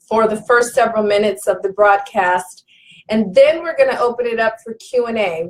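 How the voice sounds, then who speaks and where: A woman with a high voice hosts a livestream and talks in a slow, unhurried way. She is effusive and welcoming, greets her viewers one by one and repeats her words warmly. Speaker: host of a live online broadcast. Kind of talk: live-stream talk to viewers.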